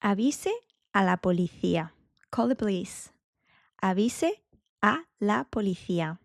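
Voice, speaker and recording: Slow, careful woman teaching Spanish. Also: mid-range voice, expressive, gravelly, dry recording, studio quality. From Spain. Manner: slow, careful drills repeating each phrase. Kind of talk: beginner language lesson.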